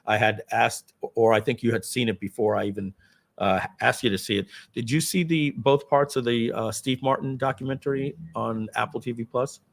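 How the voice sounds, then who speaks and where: A man's voice: mid-range voice, normal speed, vocal fry. A man hosting a live online workshop, telling a rambling anecdote with lots of fillers. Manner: rambling, many fillers, acts out quotes. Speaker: webinar host. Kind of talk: casual storytelling.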